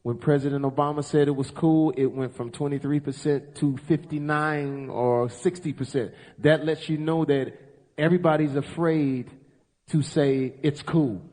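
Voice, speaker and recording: A man's voice: fairly high pitch, fairly even intonation, moderate pace, darkish tone. A man hosting a live talk show, talking earnestly and rambling with many filler uhs. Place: ballroom stage before a live audience. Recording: echoey ballroom, long reverb.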